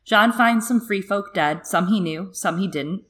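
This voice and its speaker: A woman's voice: medium pitch, unhurried, a bit bright, slight background noise. A young woman co-hosting a casual podcast over a video call, chatting and reading passages from a book aloud with dramatic emphasis. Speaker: podcast co-host.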